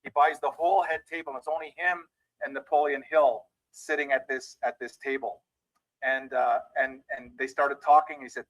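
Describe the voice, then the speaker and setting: A man's voice: mid-range voice, steady tone, moderate pace, a bit bright, dry recording, highs cut off. A man giving a motivational training talk as a mindset trainer, telling a story and speaking directly to his listeners.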